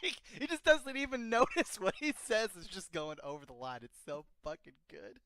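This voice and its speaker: A man co-hosting a casual review podcast, animated and laughing, swearing often and acting out scenes he loves. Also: high voice, normal speed, clean tone, no echo. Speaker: podcast co-host. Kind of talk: casual chat.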